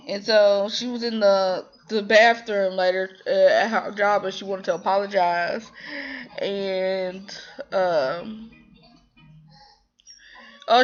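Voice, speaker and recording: A woman's voice: mid-range voice, lo-fi sound. A woman casually recapping a TV drama episode, rambling with lots of fillers and restarts and slipping into quoted voices. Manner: animated, slips into quoted voices.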